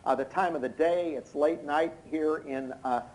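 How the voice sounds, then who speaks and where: A hoarse, tired man giving expert courtroom testimony over a video call, explaining in an unnaturally loud voice with many hesitant fillers. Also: fairly high pitch, normal speed, poor audio. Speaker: expert witness. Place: indoors in London at night.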